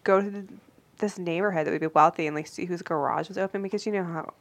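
A woman's voice: lowish voice, steady tone, quick pace. A woman co-hosting a casual podcast, teasing and questioning the others. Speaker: podcast co-host.

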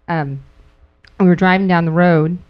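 A middle-aged woman speaking casually to a group, telling stories with frequent laughter and acting out quotes in sudden high squeals. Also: fairly even intonation, a little slow. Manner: laughs often while talking. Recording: dull lo-fi recording.

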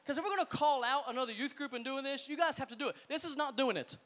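Man, youth pastor, crowd hype-man energy; fast, sharp, bright voice with hall reverb. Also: extremely high pitch. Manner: upbeat, playful, joking with the audience. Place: large hall with a live youth audience.

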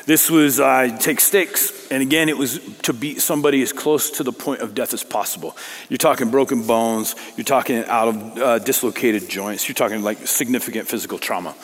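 A man's voice: medium pitch, brisk, big-room sound. A man preaching a sermon, conversational and self-deprecating, reading scripture dramatically. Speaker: pastor.

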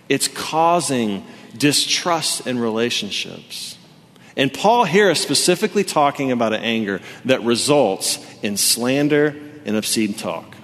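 Guy in his 30s preaching, chatty storyteller, lots of likes, mid pitch, big echoey church hall. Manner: animated storytelling, casual with many fillers. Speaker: pastor. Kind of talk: sermon with personal story. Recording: long reverb from a large hall.

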